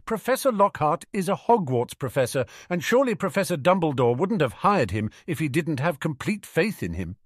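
A man voicing a cheeky, quick-witted teenage boy wizard in an audiobook reading, breezy and glib. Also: sits high, very animated, dry recording, clean studio sound, voice pushed up.

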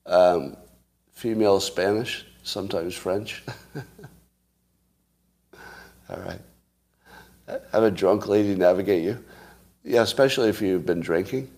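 The host, a Californian man, talks slowly in a low, somewhat dark voice, pausing often. His chat with listeners is relaxed and joking, rambling across different topics.

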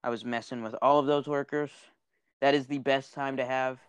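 A man's voice: mid-range voice, steady tone, moderate pace, clean tone, no room sound. A man tells a story in loose, joking podcast chat, slipping into other people's voices when he quotes them. His voice sits in a middle register and comes through close and dry, with no room sound. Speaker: podcast co-host. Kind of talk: casual chat.

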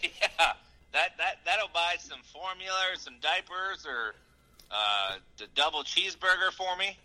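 A man co-hosting a podcast, chatting in an animated, joking way. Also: fairly high pitch, unhurried, rough recording. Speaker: podcast co-host. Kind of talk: casual chat.

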